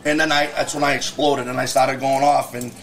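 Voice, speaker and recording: A man's voice: medium pitch, little pitch movement, fairly bright tone. A man, a guest on a podcast, ranting heatedly and cursing as he tells stories in casual conversation. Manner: heated, profane storytelling rant; quick, emphatic talk. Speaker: guest, business owner.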